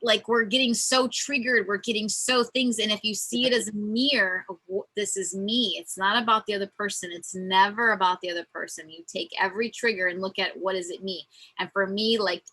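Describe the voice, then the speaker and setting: A woman hosting a casual spiritual conversation, telling stories in an earnest, animated way. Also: medium pitch, low-quality recording. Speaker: host.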